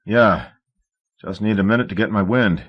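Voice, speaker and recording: An audiobook reader, a man, voicing a weary young man digging his way upward, who shouts when he gets excited. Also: fairly low pitch, moderate pace, breathy edge, lo-fi sound. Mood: tired.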